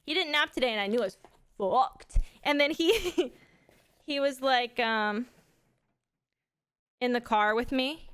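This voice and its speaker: A young woman and mother chatting casually on a live stream, excitable and gushing. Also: high voice, slow pace, pauses often, clear, resonant tone. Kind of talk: casual chat.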